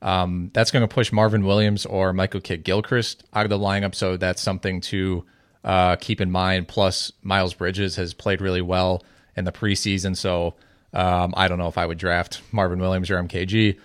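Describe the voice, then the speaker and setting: Low-voiced man talking fantasy basketball. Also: level tone, no echo, studio quality. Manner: measured, hesitant with many fillers. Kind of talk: casual podcast discussion.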